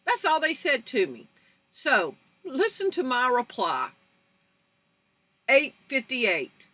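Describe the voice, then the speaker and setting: A woman's voice: high-pitched, huge pitch swings, slow, pushed and bright, dry recording. Fiery woman in her fifties. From North Baton Rouge, Louisiana. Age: 50s. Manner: emphatic, confrontational, blunt. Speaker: channel host. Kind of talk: fiery vlog rant to viewers.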